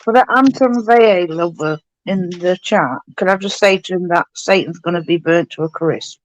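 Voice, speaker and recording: A woman's voice: fairly low pitch, normal speed, low-quality recording. A woman guest on a casual live chat. She talks in an outspoken, teasing way, tossing out blunt remarks with easy good humor.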